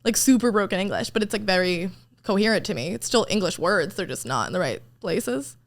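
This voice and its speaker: A woman's voice: medium pitch, lively intonation, fairly quick. Young girl, casual chat, rambles, swears a bit, lots of "like". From New Jersey, USA. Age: young adult. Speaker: podcast guest.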